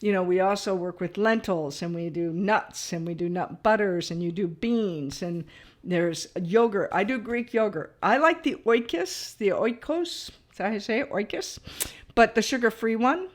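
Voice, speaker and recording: Brief: middle-aged woman, nutrition coach, chatty and animated, talks straight to her viewers with a mid-range voice. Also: mid-range voice, moderate pace. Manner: chatty, animated, laughs at herself, frequent "all right?" asides. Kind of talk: casual to-camera talk.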